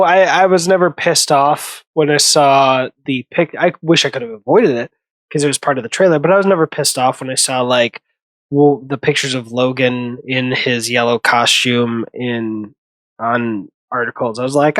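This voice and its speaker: A man's voice: medium pitch, fairly even intonation, normal speed, a bit bright, no echo. A man hosting a casual movie commentary, rambling, correcting himself and laughing often.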